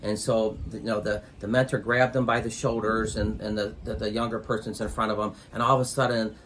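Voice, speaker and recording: A man's voice: on the low side, a little fast. Regular guy rambling thru a success story, lots of ums, slight noise behind. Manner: rambling, many ums, grows animated when retelling. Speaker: interview guest. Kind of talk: storytelling advice.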